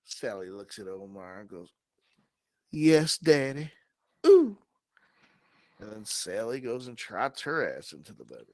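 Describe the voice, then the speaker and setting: A man co-hosting a comedy show, improvising a story with slow, drawn-out delivery and dramatic pauses. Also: lowish voice, lively intonation, fairly bright tone, no room sound. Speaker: co-host.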